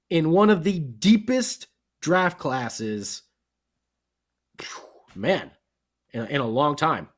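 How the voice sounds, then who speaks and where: Excitable man co-hosting a sports podcast. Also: a little high, takes it slowly, pauses often. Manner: excitable and rambling, with many fillers and restarts. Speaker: podcast co-host. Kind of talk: casual sports podcast chat.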